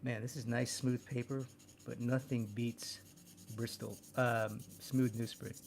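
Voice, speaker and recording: Man, gravelly voice, drawing instructor, talking while sketching, repeats himself. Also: medium pitch, flat delivery, takes it slowly, slight background noise. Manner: thinks aloud while drawing, repeats words. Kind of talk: live drawing demonstration.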